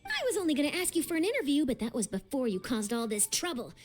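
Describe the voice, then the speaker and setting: A woman's voice: high voice, wildly swooping pitch, fast talker, a little mellow. A woman voicing a pushy, inquisitive young journalist in a video game, probing and teasing with easy confidence.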